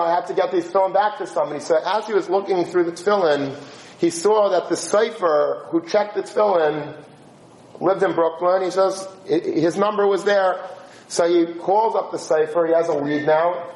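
A man with a high voice tells a story to listeners, acting out each character's lines as he goes. His speed shifts from quick bursts to slow, stretched phrases. The sound carries a roomy echo. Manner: animated, acts out dialogue with shifting voice and pace. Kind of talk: spoken religious story.

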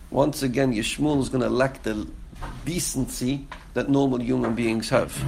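Male Torah teacher, gravelly voice, quotes and translates texts, presses with rhetorical questions. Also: medium pitch, slight background noise. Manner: quotes verses and commentary, then translates them; rhetorical questions, repeats phrases for emphasis. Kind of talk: Torah lesson on Genesis.

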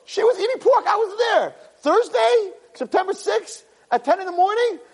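Shrill frantic Satan, as a man puts him on. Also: expressive, moderate pace. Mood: indignant. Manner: shrill, indignant, protesting. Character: frantic outraged male Satan, prosecutor. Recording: echoey hall with long reverb.

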